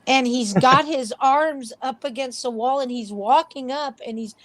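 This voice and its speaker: A woman speaks as a paranormal investigator in a casual interview, drifting through chatty stories and acting out other people's voices. Her high-pitched voice is unhurried and fairly bright, captured in a dry recording.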